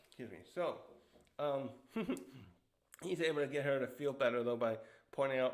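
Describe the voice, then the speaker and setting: A man's voice: medium pitch, moderate pace, pauses often. A young man casually recapping a comic chapter, rambling with many fillers and acting out the characters' quotes in a raised voice. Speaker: manga reviewer.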